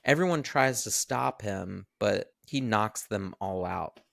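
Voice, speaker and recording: Man, low voice, gravelly, casual film recap, swears a lot, dry close sound. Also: slow, dry recording. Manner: animated retelling, swears freely. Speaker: podcast co-host.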